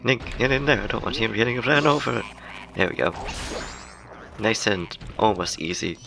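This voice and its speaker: Giggly gravelly-voiced man with game music. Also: lowish voice, expressive, normal speed. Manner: chatty, giggly, rambling. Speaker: gaming YouTuber. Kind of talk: casual let's-play commentary. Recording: game music playing under the voice.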